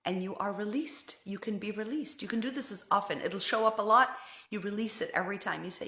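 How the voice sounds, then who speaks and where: A woman speaking as a spiritual life coach in a heartfelt, conversational monologue, often repeating phrases and sometimes dropping to a soft, hushed tone. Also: mid-range voice, fairly quick, echoey room.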